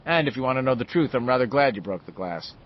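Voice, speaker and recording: A man reading the part of a controlling older male pharmacist who lectures in a measured, quietly sharp way. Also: medium pitch, expressive, lo-fi sound, a little hiss or hum, close to an everyday voice. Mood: smug.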